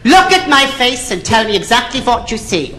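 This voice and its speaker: Brief: impatient airline boss, Welsh accent, high sing-song brush-offs, played by a man. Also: sing-song, normal speed, pushed and bright, reverberant, a little hiss or hum, heavily acted. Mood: curt.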